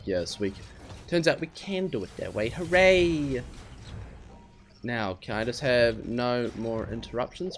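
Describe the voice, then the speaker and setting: A man hosting a let's play, talking to himself and his viewers, puzzled and exasperated, with high squeals when surprised. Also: expressive, normal speed. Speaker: gaming channel host.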